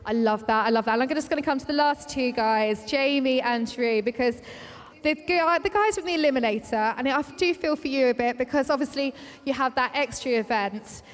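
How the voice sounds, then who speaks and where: Woman, sports reporter, bubbly, teasing, high voice, arena echo. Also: moderate pace. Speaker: trackside reporter. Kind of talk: sports interview. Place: indoor arena. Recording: reverberant arena.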